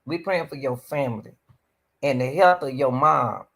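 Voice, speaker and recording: A woman's voice: rumbling low, normal speed, gravelly. A woman hosting a reaction stream, pleading and preaching as she comments on a video, often calling out to the Lord.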